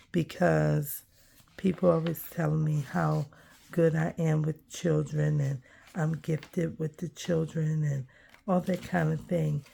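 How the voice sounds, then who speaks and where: A woman vlogging while she glues a page, talking in a soft, musing way with many pauses and ums. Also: sits low, vocal fry, slight background noise. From United States. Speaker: crafting vlogger. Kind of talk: reflective casual vlog while gluing paper.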